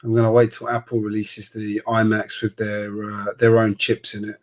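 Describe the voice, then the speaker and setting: A man's voice: lowish voice, completely flat delivery, normal speed. A man with an Australian accent hosting a live building stream, chatting casually and rambling with filler words.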